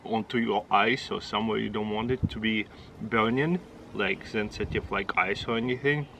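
A man's voice: fairly low pitch, steady tone, normal speed, gravelly, a bit bright, a little hiss or hum, low-quality recording. Russian-accented man hosting a taste test. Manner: chatty, exclaiming, short broken phrases. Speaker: channel host. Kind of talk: casual taste-test vlog.

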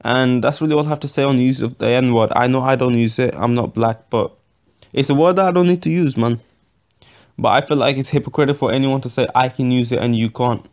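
This boxing vlogger talks quickly in a mid-range, slightly mellow male voice. His casual take on the sport wanders, full of false starts, filler words and blunt profanity.

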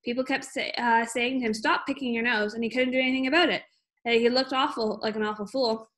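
A woman's voice: fairly high pitch, fairly even intonation, quick pace, a bit bright, natural voice. A woman reading aloud, voicing a clever, sly little girl who speaks in an innocent, matter-of-fact way.

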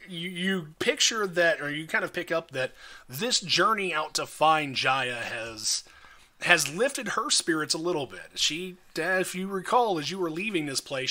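A man running a tabletop game as dungeon master, narrating in a lively, animated way with many restarts. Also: fairly high pitch. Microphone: podcast mic, slightly odd audio.

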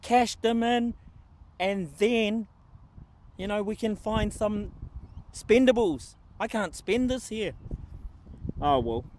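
A man's voice: sits high, expressive, slow, pauses often, darkish tone. A man with a New Zealand accent, vlogging in a casual, jokey, upbeat way while metal detecting in a park. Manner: chatty, jokey, upbeat, self-mocking. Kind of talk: casual vlog talk to camera. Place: outdoors in a windy park. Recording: noisy outdoor wind.

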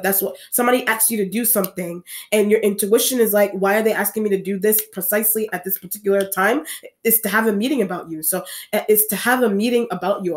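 A woman's voice: medium pitch, darkish tone. A woman reading tarot cards for an audience, talking in a rambling way with many restarts and repeated phrases. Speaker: tarot reader.

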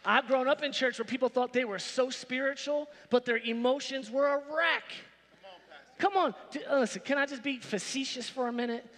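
High, bright-voiced preaching pastor. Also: male voice, normal speed. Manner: emphatic, repetitive preaching with rising exclamations. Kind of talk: sermon. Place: church sanctuary. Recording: reverberant church hall with background music.

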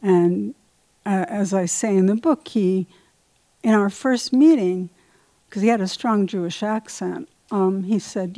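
An older woman, an author at a book talk, telling lively stories in a Q&A and often repeating words as she goes. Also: mid-range voice, a little slow, no room sound. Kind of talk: anecdotal talk and Q&A.

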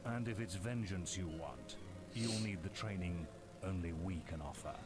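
A man's voice: low voice, moderate pace, close to an everyday voice. An actor playing a stern, grave middle-aged male hero mentor in a video game cutscene. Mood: solemn. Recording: game cutscene audio with music.

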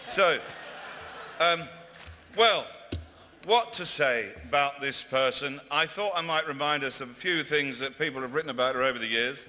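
A male comedian presenting an award at a ceremony in a large converted hall, delivering dry, deadpan, mock-pompous stand-up. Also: mid-range voice, normal speed. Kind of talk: stand-up style presentation speech. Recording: reverberant hall with faint noise.

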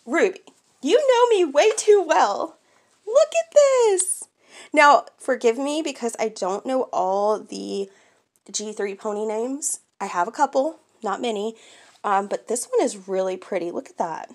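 Gushing, high-voiced woman unboxing toys. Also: measured pace. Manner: gushing, excitable, squeals and gasps. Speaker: toy collector vlogger. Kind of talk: casual unboxing chat.

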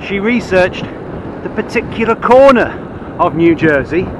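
High-voiced man chatting mid-ride. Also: lively intonation, measured pace, noisy background. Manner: wry, chatty, wandering asides. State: a bit tired. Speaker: cycling vlogger. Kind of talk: rambling ride-along commentary. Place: outdoors riding a bike.

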